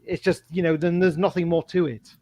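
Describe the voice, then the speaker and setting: A man's voice: on the high side, fairly even intonation, brisk, dark tone. A man in a casual livestream chat, rambling and chatty, with apologetic asides.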